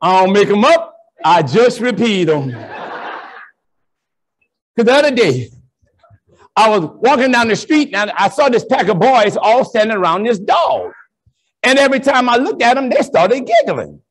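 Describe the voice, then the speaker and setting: A man who is a Catholic priest, giving a joking, animated storytelling talk to an audience of educators. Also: sits high, normal speed, long pauses. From New Orleans. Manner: animated, joking, plays to the crowd.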